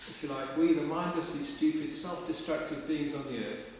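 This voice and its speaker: Guy giving a chatty sermon, kinda high voice, big echoey church, mic way off. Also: fairly even intonation, moderate pace. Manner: conversational, plain-spoken preaching. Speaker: vicar. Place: large stone parish church. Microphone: distant camera mic. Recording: echoey church from far off with hiss.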